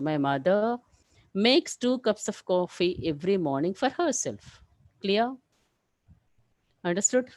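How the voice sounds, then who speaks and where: A woman teaching a live English grammar class, explaining rules step by step and often checking with "clear?". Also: lowish voice, darkish tone, no echo, rough recording.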